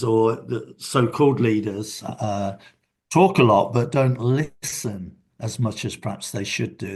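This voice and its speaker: Older man telling reflective anecdotes. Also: on the low side. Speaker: guest. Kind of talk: casual interview chat.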